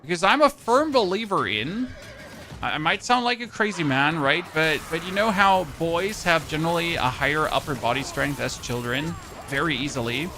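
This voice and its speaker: Speaking at normal speed in a somewhat high voice with lively intonation, this German-accented man in his thirties jokes around with his chat while streaming a game. He keeps things chatty and responds to viewers as music plays in the background.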